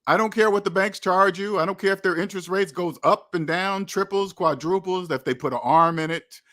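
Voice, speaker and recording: A man with a fairly high, bright voice delivers a motivational money monologue. He lectures his viewers in a preachy, repetitive way. Now and then he acts out imagined quotes. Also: a little fast. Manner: preachy, repetitive, addresses viewers as debt slaves. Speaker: money channel host.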